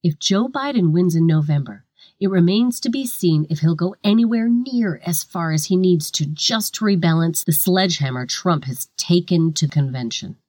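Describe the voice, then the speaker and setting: A woman's voice: on the low side, expressive, normal speed, darkish tone, dry recording. A woman reporter giving a satirical news report in a sardonic, profane manner.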